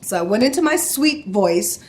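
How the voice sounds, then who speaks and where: Woman, middle-aged, vlogger, animated storytelling, heated, mimics voices. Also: medium pitch, normal speed. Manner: animated, acts out quoted voices, gets heated. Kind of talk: casual storytelling vlog.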